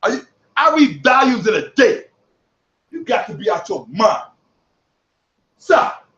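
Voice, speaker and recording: A man giving heated commentary on other online creators, boastful and profane, sometimes shouting. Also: very high voice, big pitch swings, a little slow. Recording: echoey room, distant from mic, dull audio.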